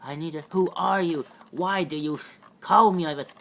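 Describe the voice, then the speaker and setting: A man's voice: fairly high pitch, normal speed, vocal fry, a bit bright, a little hiss or hum, voice pushed up. A man voicing an overwhelmed psychic being in a fan-made superhero audio drama, crying out in a strained, distant voice.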